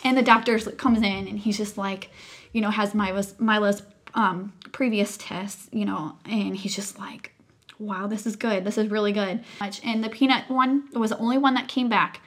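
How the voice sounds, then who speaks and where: Woman in her 30s, earnest emotional storyteller, casual chat, mid pitch. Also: fairly even intonation, normal speed, fairly bright tone. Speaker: co-host sharing a personal story.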